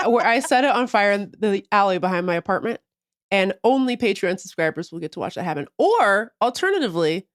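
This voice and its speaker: A woman's voice: medium pitch, normal speed, dry recording, clean studio sound. A woman co-hosting a podcast livestream, chatting casually and ranting with mock outrage and plenty of swearing. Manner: animated, profane, mock-outraged storytelling. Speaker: podcast co-host.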